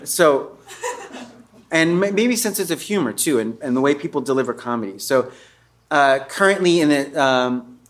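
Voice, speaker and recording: A man's voice: mid-range voice, expressive, moderate pace. A man chatting casually on a talk show as a comedian guest, rambling and cutting himself off, breaking into laughter. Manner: rambling, self-interrupting, with bursts of put-on voices and laughter.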